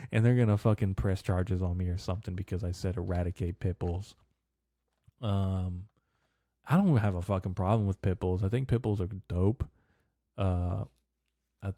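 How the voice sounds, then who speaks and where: A man's voice: low voice, mellow, dry recording, clean studio sound. A young man hosting a podcast, rambling casually and cursing constantly. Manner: loose, profane, rambling with frequent "bro" and "dude". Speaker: podcast host.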